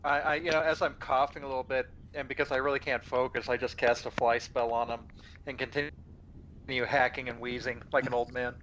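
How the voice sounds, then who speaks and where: Man player at a tabletop game, bright tone, chatty, hesitant, dull audio. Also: medium pitch, flat delivery, brisk. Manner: chatty, hesitant, repeats words. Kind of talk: casual tabletop play. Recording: muffled with faint noise.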